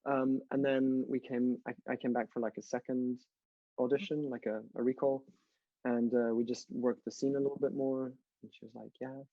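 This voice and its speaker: A man's voice: mid-range voice, flat delivery, normal speed, no echo, narrow, tinny audio. A young man from France, a guest actor, talking casually and enthusiastically with many fillers. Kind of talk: casual interview chat.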